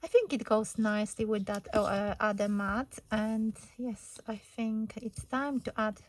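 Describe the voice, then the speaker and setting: A woman hosting a casual craft tutorial at her desk, thinking aloud and hesitating over choices, her voice slightly hoarse. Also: mid-range voice, unhurried, poor audio.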